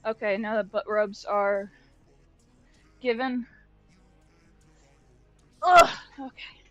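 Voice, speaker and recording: A woman's voice: medium pitch, fairly even intonation, takes it slowly, highs cut off, over loud music. A young woman streaming while she draws, chatting casually, swearing freely and laughing often as she talks to her cat. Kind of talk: casual live-stream chat while drawing.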